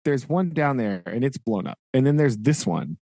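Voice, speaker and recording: A man's voice: mid-range voice, animated, normal speed, mellow, no room sound. A man co-hosting a podcast, retelling a book's plot in loose, rambling chat. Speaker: podcast co-host. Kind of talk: casual book-club chat.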